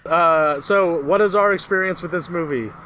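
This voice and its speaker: High-voiced man running a podcast. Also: normal speed, pushed and bright, slight background noise. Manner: leads the show, announces segments. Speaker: podcast co-host. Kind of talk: casual podcast chat.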